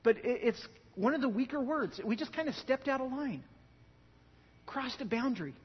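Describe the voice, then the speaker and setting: High, animated preacher in an echoing hall. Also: male voice, moderate pace, husky. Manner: animated, joking storyteller who swings from loud emphasis to quiet. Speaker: pastor. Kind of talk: sermon. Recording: dull lo-fi sound with long hall reverb.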